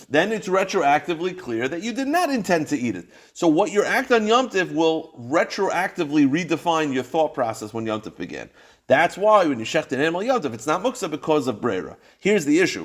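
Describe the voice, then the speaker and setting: Lively rabbi teaching a Talmud class. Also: male voice, medium pitch. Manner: animated, acts out cases in first person, asks and answers his own questions. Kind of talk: Talmud lecture.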